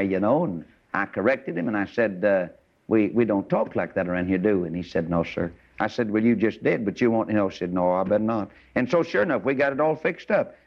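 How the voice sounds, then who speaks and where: Folksy preacher. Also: male voice. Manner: animated, storytelling, preaching, rises to high exclamations. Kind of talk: folksy sermon. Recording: dull lo-fi sermon recording.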